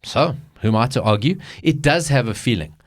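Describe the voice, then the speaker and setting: A man co-hosting a casual podcast, retelling movie plots in an animated way and swearing freely. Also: mid-range voice, brisk. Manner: animated storytelling, swears, acts out quotes. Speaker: podcast co-host. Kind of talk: casual chat.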